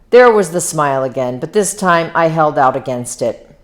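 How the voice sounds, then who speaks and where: A woman's voice: low-pitched, expressive, normal speed. A woman reading a novel aloud, now and then stumbling over words and correcting herself. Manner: stumbles over words, breaks off with casual asides. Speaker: reader. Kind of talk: amateur read-aloud of a novel.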